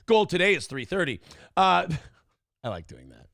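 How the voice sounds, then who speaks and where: A man's voice: high-pitched, very animated, normal speed, gravelly, a bit bright, dry recording, clean studio sound. A man hosting a casual morning show, ranting with profanity and self-deprecating humor. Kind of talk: casual podcast rant and chat. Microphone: headphones and clamp-mounted desk microphone.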